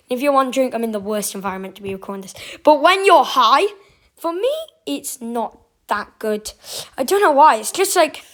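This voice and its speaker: A woman's voice: a little high, a bit bright. A young woman vlogging to camera in a rambling, chatty way, full of fillers and restarts. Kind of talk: casual chat to camera.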